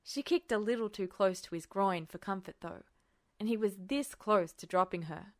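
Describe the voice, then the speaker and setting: A woman narrating a fanfiction audiobook in an expressive storytelling manner. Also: medium pitch, normal speed. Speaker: audiobook reader.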